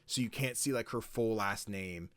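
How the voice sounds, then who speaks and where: Podcast host guy, chatty and animated, swears a bunch, dry close sound. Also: lowish voice, moderate pace, dry recording. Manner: animated, acts out voices, swears casually. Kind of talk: casual chat.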